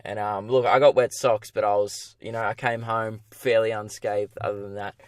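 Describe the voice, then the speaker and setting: A young Australian man hosting his podcast, telling a comic story in an animated, profane, self-mocking way. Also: lowish voice, normal speed, no echo, studio quality. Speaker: comedian and podcast host.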